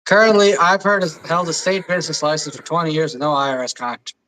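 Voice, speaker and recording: A man's voice: fairly high pitch, lively intonation, fast, pushed and bright, no echo, low-quality recording. A man hosting a casual talk show, joking around and reading viewer comments aloud, laughing often. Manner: jokey, laughs often, crude asides. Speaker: show host.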